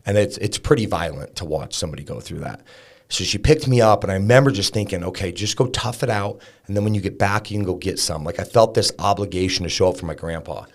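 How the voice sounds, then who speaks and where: A man's voice: deep voice, quick pace. A man in his thirties, a podcast guest, candidly telling a personal story in a conversational way, full of fillers and restarts.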